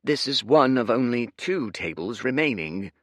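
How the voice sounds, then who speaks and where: A man's voice: mid-range voice, expressive, normal speed, no room sound, studio quality, voice pushed up, natural voice. A man voicing a fawning, formal restaurant server who speaks in obsequious courtesies. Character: fawning male restaurant server, polite and greedy.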